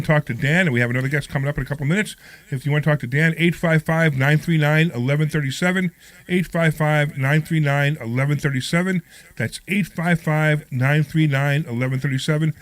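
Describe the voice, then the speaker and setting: A man's voice: on the high side, a little fast, low-quality recording. A male talk radio host who has a cold, chatting energetically with co-hosts and reading out the phone number.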